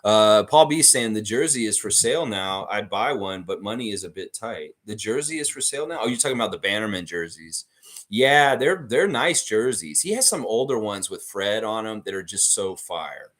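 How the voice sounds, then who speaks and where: Lively profane livestream host. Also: male voice, fairly low pitch, moderate pace. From Canada. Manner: animated, profane, reads viewer comments aloud. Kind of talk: casual live chat.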